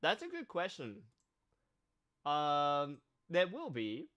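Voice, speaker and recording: A male streamer with a nasal, cold-stuffed voice, chatting slowly and thoughtfully on a casual live stream. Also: on the high side, huge pitch swings, a bit bright, no room sound. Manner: slow, thoughtful, reads chat aloud. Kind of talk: casual live-stream chat about card games.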